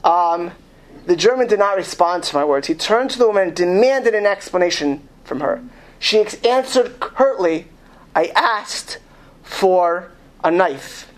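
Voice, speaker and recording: A man reading a story aloud to an audience, slow and emphatic, stumbling and restarting often. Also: high-pitched, lively intonation. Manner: reads slowly and with emphasis, with frequent restarts. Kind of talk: lecture with read-aloud story.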